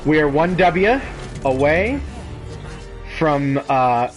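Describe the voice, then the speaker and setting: A man's voice: fairly high pitch, lively intonation, drawn-out words, soft background music, poor audio. A young man streaming a game, chatting casually and laughing often. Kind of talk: casual gaming chat.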